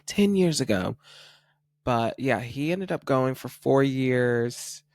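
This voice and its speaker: A man's voice: mid-range voice, lively intonation, slow pace, darkish tone, dry recording. A man hosting a casual pop culture podcast, gushing and chatty, using "like" a lot and laughing at his own slips. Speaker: podcast host.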